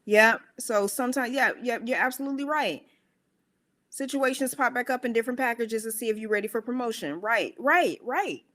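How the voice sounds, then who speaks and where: Woman, motivational spiritual talk, fairly high voice, emphatic, rhetorical questions. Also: a little fast. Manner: animated, acts out her own inner voices with squeaky high bits. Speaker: speaker of a worship center.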